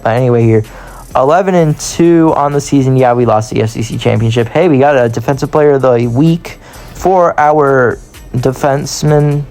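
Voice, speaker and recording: A man's voice: medium pitch, darkish tone. A man giving casual, rambling commentary on a football video game, with a voice strained from long recording and self-deprecating asides. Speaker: gaming YouTuber.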